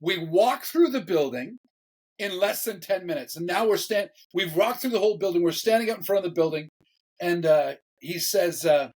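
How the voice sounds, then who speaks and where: Animated male pastor telling a story. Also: high-pitched, normal speed, poor audio. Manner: animated, repeats words, laughs while telling. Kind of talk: casual storytelling interview.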